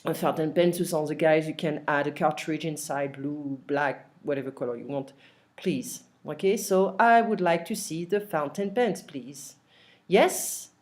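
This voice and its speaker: A woman giving an online French lesson. She explains phrases step by step and repeats them with fillers. Her voice is mellow and relaxed. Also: on the low side. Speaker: French teacher.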